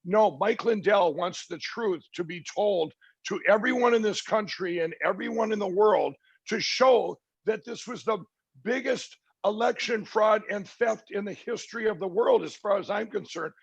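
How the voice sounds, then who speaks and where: A middle-aged man with a gravelly, raised voice tells a story in an interview. He stumbles, restarts and fills pauses as he recounts what others said. The sound is dry and somewhat muffled. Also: high voice, no room sound. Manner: halting, many restarts and fillers, quoting others. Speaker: interview guest.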